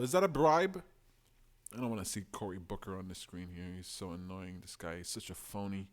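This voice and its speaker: A man hosting a live stream, giving opinionated, animated commentary and reading out viewer comments. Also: on the low side, moderate pace. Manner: opinionated, animated, talks to chat.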